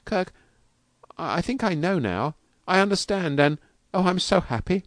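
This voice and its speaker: A man reading aloud, voicing a tender young wife with a soft, breathless voice. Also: high-pitched, animated, normal speed, no echo, pitched above the performer's own voice. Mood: dreamy.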